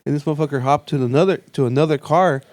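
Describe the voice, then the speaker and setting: A man's voice: fairly high pitch, rapid-fire, darkish tone, no room sound. Man telling a rambling profane story. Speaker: podcast host. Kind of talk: casual chat. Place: studio.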